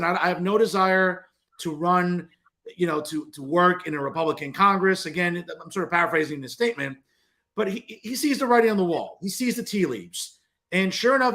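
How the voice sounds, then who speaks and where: A man hosting a political talk show, interviewing a guest in an animated, opinionated way. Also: high-pitched. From New Jersey. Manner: animated, opinionated, fast asides. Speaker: show host.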